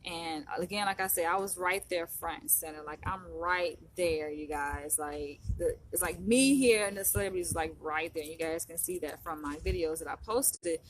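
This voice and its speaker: A woman's voice: lowish voice, normal speed, few pauses, slight background noise. A woman vlogger talking casually to her viewers, rambling with lots of fillers like "you know" and "like". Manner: chatty, rambling, full of fillers. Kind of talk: casual chat to camera. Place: in Los Angeles.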